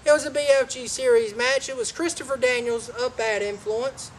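A high-pitched man hosts a loose home-made wrestling recap. He rambles from point to point, cracks jokes and talks over his partner. Faint noise sits under his voice. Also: normal speed, poor audio. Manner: rambling, keeps saying anyway and ladies and gentlemen. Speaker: host of a wrestling review show. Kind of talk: casual show recap.

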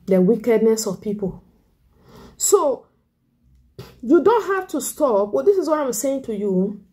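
Woman evangelist preaching, high and mellow. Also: measured pace. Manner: animated preaching, mimics critics in a raised voice. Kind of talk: sermon.

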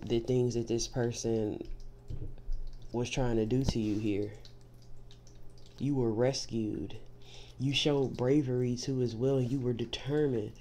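A woman's voice: very deep voice, dark tone. Woman giving an emphatic tarot reading. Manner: emphatic, repeats "see" to drive points home; reassuring, direct address to the listener. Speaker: tarot reader.

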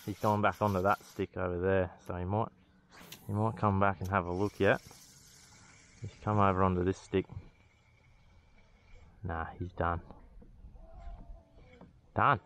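An Australian man giving casual, excitable running commentary while fishing outdoors, swearing freely and talking to the fish. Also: low-pitched, measured pace, long pauses, slight background noise. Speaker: fishing vlogger.

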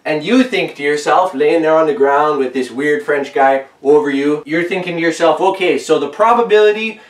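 A man's voice: fairly high pitch, moderate pace. Joking man lecturing in an echoey room. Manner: deadpan, joking, acts out voices of people in his story. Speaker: host. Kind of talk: rambling comic lecture. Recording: echoey room, voice from far off the mic.

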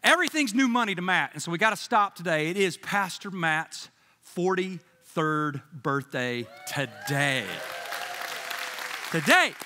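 Male pastor, sermon, lively storytelling, high pitch, long church reverb. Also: a little slow, some chatter behind. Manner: animated storytelling, jokey asides, quoting others in voices. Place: church sanctuary.

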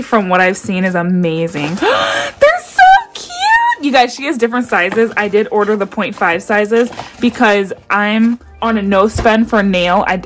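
A young woman chatting excitedly to her viewers while unboxing, gasping and gushing as she talks. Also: mid-range voice. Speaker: nail vlogger doing an unboxing. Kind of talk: excited casual unboxing chat.

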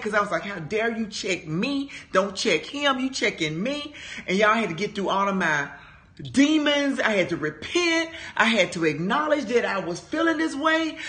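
Woman in her 50s telling her testimony at bible study, bright tense voice, real emphatic and chatty. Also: a little high. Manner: animated, emphatic storytelling, addressing listeners as "y'all".

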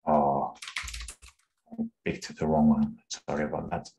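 A man, an engineer, walking through a live coding demo on a call, thinking aloud in an unhurried way with restarts. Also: extremely low pitch, level tone, gravelly, dark tone, lo-fi sound, a little hiss or hum. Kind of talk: screen-share coding walkthrough.

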